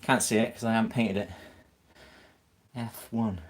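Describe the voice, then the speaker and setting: A man's voice: lowish voice, fairly even intonation, normal speed, a little hiss or hum. A man chatting casually on a live stream, teasing viewers with banter and frequent chuckles.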